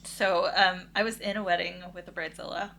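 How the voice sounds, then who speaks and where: A woman's voice: fairly low pitch, fairly even intonation, fairly quick, gravelly, a bit bright, a little hiss or hum. A woman co-hosting a podcast, telling a story in a chatty, wry way with fillers. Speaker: podcast co-host. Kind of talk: casual storytelling.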